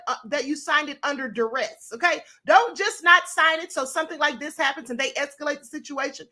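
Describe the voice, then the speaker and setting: High bright-voiced woman streamer. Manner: emphatic, opinionated, talks straight to viewers. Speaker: live stream host. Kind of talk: casual news commentary.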